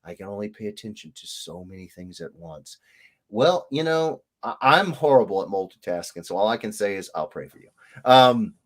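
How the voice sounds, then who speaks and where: A man hosts a relaxed livestream, chatting casually with viewers. His voice leaps up and down all the time, and he greets each commenter in a playful sing-song. He sounds animated and chatty. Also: lowish voice, moderate pace. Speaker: livestream host, illustrator.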